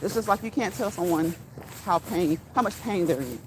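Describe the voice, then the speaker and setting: A woman's voice: lowish voice, lively intonation, moderate pace, noisy background. A middle-aged woman talking casually to her viewers while walking outdoors, laughing often and repeating phrases for emphasis. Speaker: vlogger. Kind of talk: casual walk-and-talk vlog. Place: outdoors on a walk.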